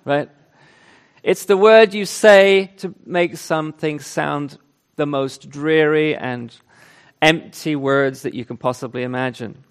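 A man's voice: a little high, a little slow, clear, resonant tone. A man preaching a sermon, reading scripture with emphasis and then explaining it in an earnest, conversational way. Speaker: pastor.

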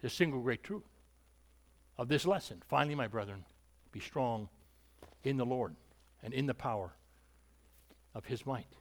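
A man's voice: mid-range voice, animated, moderate pace, long pauses. A male preacher giving an emphatic sermon, repeating points and asking rhetorical questions.

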